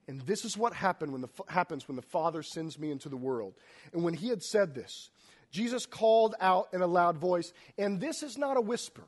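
A man preaching a sermon, reading scripture aloud and explaining it, swinging between hushed and loud delivery. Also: high-pitched, lively intonation, a little fast.

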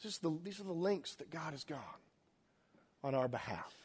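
A man preaching a sermon, reading scripture aloud and explaining it, swinging between hushed and loud delivery. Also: a little high, expressive, normal speed, breathy edge.

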